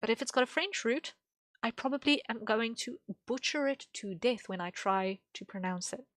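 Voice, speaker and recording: A woman's voice: a little high, animated, normal speed, a bit bright, no echo. A young woman streaming while she draws, rambling casually with lots of fillers and small laughs. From English-speaking. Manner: rambling, thinking aloud with many fillers and laughs.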